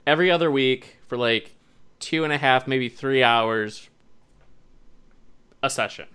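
A man's voice: mid-range voice, unhurried, smooth. A man co-hosting a casual podcast chat, joking and telling rambling stories. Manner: animated, joking, rambling storyteller.

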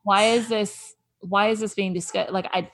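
A woman's voice: fairly even intonation, normal speed. A woman co-hosting a podcast, chatting casually with many fillers. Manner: chatty, uses many fillers, drops low and soft at times. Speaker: podcast co-host. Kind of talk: casual recap chat.

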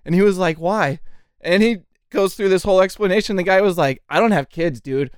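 A man's voice: high voice, fairly quick, clean tone, no room sound. Male podcast co-host, casual storyteller, light voice, dry close mic. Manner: animated, laughing storyteller, says "dude" a lot.

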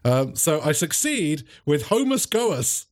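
A man's voice: fairly high pitch, very animated, slow pace. A man playing a tabletop role-playing game, hesitant and giggly as he works out his moves. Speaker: player.

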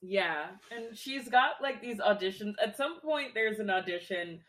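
A woman in a relaxed conversation about a film, her talk loose and full of filler words. She laughs often as she speaks, and her pitch sits in an ordinary middle range. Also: a little slow. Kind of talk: casual chat about a film.

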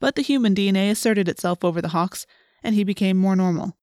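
A woman narrates an audiobook in a steady, plain storytelling way. Her voice sits at a middle pitch and is recorded close in a dry, dead space. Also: fast talker, no echo.

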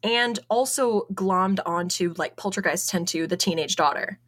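A woman's voice: medium pitch, moderate pace, fairly bright tone. A woman co-hosting a podcast, chatting casually while presenting her research notes, often laughing and spelling out names.

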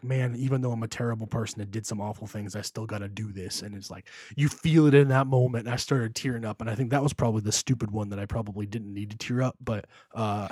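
A young man talks through a film scene by scene on a podcast, circling back with fillers. His voice sits low and husky. The sound is dry and close. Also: a little mellow, dry recording. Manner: rambling, emotional retelling with many fillers. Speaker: podcast co-host. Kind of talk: casual chat.

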